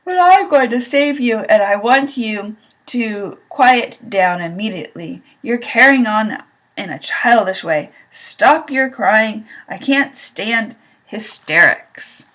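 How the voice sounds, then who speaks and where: Woman doing a wise storybook spider, calm, brisk, firm. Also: fairly high pitch.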